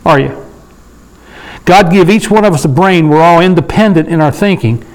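A man leading a Bible study sermon in a conversational way, slowing down to read scripture and often asking his listeners for agreement. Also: fairly high pitch, low-quality recording. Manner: conversational, asks the room for agreement; slows down to read scripture aloud. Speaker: preacher.

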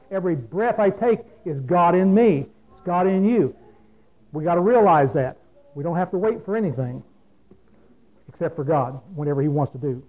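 A man's voice: sits high, normal speed. A man preaching a folksy, plain-spoken sermon, often asking his listeners questions. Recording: phone-like lo-fi radio broadcast.

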